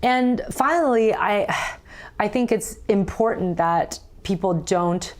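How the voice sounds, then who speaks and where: A woman's voice: medium pitch, takes it slowly, a little mellow. A woman psychologist, a guest expert, explaining in an earnest, emphatic conversational style, step by step.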